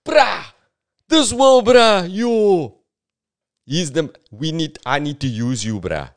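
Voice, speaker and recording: A man's voice: fairly high pitch, expressive, takes it slowly, voice pushed up. A South African man voicing a male God who talks in casual street slang. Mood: eager. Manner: casual street slang, keeps saying "bruh".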